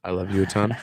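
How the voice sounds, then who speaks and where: A man's voice: mid-range voice, darkish tone, breathy edge, no echo. A young man hosting a podcast, chatting loosely and jokingly in slang. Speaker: podcast host. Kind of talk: casual chat.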